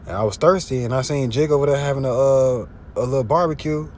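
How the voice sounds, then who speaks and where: A man preaching informally, slangy and profane, often asking if you see what he's saying, and reading scripture louder. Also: quick pace, slight background noise. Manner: louder and higher when reading scripture aloud. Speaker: street preacher. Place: in a car. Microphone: phone.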